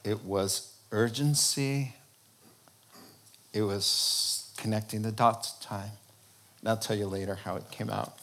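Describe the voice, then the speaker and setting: A male preacher telling his conversion story in a sermon, animated and often laughing as he acts out conversations. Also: lowish voice, slow, long pauses, a little hiss or hum.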